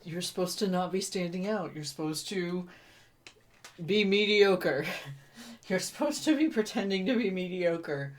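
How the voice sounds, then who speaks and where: Slow, lively woman heckling playfully. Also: on the low side. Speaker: book podcast co-host. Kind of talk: comedic chat.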